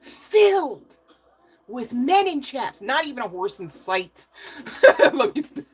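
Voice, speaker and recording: A woman's voice: on the high side, big pitch swings, measured pace, husky. A woman giving a live tarot reading, talking casually, laughing often and swearing in a cheeky way. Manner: swears casually, uses slang. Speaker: tarot reader.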